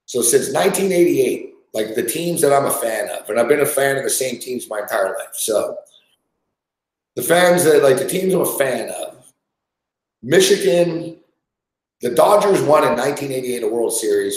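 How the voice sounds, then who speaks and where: A man's voice: mid-range voice, animated, moderate pace, reverberant, low-quality recording. A man hosting a sports betting show, ranting with constant swearing and frustration while he follows a live game. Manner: swears constantly, frustrated and exasperated, shouting at players. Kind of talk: profane live sports rant.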